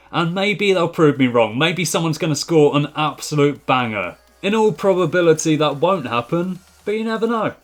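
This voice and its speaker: Young man, fairly high voice, deadpan play-by-play of a football game with sarcastic jabs. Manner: deadpan, wry asides. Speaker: video game commentator. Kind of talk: dry sarcastic football commentary over gameplay.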